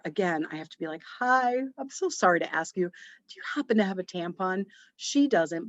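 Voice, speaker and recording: A woman hosting a podcast, telling a story in a chatty, animated way and acting out bits of dialogue. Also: on the low side, no room sound, dull audio. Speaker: podcast host. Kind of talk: casual storytelling monologue.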